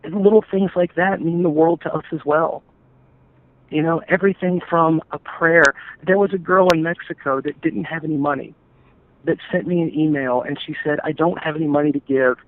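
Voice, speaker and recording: A man telling his family's story in an interview, earnest and halting, often restarting his sentences. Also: a little high, steady tone, dry recording. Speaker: interview guest, stepfather. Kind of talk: emotional personal account. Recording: tinny phone-like call audio.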